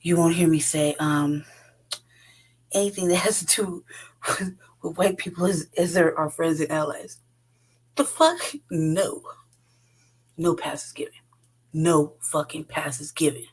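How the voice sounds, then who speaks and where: Woman, 40s, husky, lowish pitch, profane heated rant, podcast host. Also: fairly even intonation, a little slow, pauses often, low-quality recording. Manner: heated, profane, blunt, laughs often. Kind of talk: unscripted rant.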